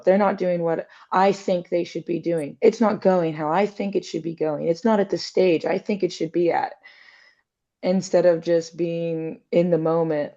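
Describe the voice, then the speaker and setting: A woman's voice: on the low side, mellow, dull audio. A woman in casual reflective conversation, thinking aloud with many fillers and little acted-out quotes.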